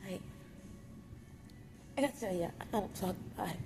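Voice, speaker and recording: Over music in a roughly recorded clip, a mother vlogs from a hotel lobby, crying as she confides her pain to viewers. She speaks in casual vernacular, raw and candid, at a moderate pace in a medium-pitched voice with vocal fry.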